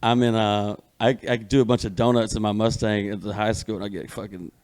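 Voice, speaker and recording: A man's voice: fairly low pitch, level tone, a little fast, darkish tone, no room sound. Guy rambling thru a wild story, dry close sound. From Alabama. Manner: long rambling profane storytelling. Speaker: guest comedian. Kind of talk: casual podcast chat.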